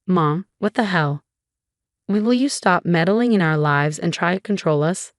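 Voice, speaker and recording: A woman reading the lines of an angry grown son who defends his wife, in an even, flat delivery. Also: on the low side, measured pace, no echo, studio quality.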